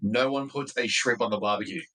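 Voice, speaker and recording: A man's voice: medium pitch, fairly quick, bright, forceful tone, low-quality recording. An Australian man chats as a podcast guest in a mid-range voice. He tells his stories in a wry, easygoing way. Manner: wry, storytelling. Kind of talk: casual podcast chat.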